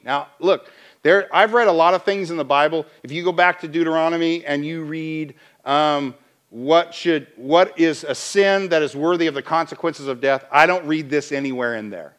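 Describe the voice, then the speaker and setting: Male pastor, high-pitched, conversational sermon style, lively with frequent restarts. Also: normal speed. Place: church.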